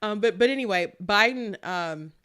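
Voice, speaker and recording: A young adult woman hosting casual political commentary, talking chattily with quick asides and frequent laughter. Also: mid-range voice, lively intonation, a bit bright.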